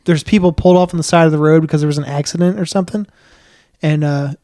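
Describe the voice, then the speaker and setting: Guy cohost rambling thru a story, kinda higher voice, dry close mic. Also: steady tone, fast, dark tone, no echo. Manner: rambling storytelling with fillers and restarts. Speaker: podcast co-host. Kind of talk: casual chat.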